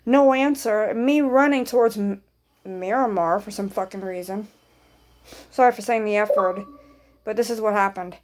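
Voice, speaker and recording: A woman's voice: mid-range voice, normal speed, darkish tone. A woman vlogger telling a rambling personal story in casual speech, swearing freely and acting out what people said.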